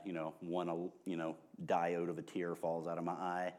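A man preaching an informal, humorous sermon, joking at his own expense and swinging between hushed and loud delivery. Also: sits low, little pitch movement, normal speed, few pauses. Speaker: pastor.

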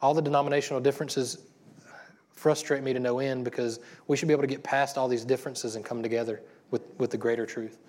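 A man's voice: mid-range voice, fairly even intonation, fast talker, darkish tone. A middle-aged man preaching a sermon as a pastor, in a casual, chatty way with many restarts. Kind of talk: conversational sermon.

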